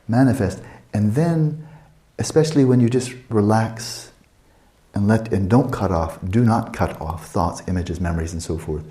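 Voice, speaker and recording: A man in his sixties teaching a meditation retreat, talking calmly and reflectively and asking many searching questions. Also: on the low side, normal speed. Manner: calm, reflective, asks many rhetorical questions.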